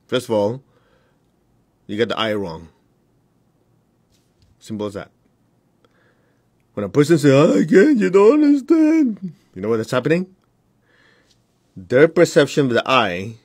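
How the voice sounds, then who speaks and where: A man's voice: on the low side, slightly rough, no room sound. A man teaching his followers in a blunt, direct way, with short laughs between points. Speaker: spiritual teacher.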